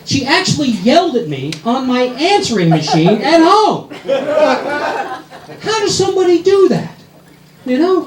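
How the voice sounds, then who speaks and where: Exasperated stand-up comic from New York. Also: male voice, extremely high pitch. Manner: exasperated, rapid-fire complaining with rhetorical questions. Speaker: stand-up comedian. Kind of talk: stand-up comedy routine. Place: comedy club stage. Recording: echoey club with loud audience laughter.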